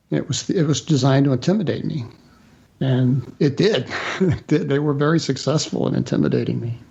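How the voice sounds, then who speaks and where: A man telling a personal story as a guest author in a radio interview, halting with fillers and restarts. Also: a little high, lively intonation, gravelly, mellow, muffled recording.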